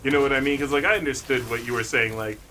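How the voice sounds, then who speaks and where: A man's voice: medium pitch, fairly even intonation, fast, bright, forceful tone. A young man streaming games, chatting casually and laughing between jokey remarks. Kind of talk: casual live-stream chat.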